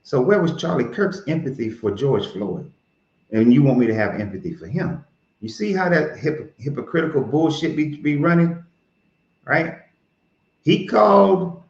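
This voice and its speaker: A man hosting his own show, giving blunt, profane, heated commentary in a casual tone. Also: on the high side. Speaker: podcast host. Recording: roomy, dull lo-fi sound.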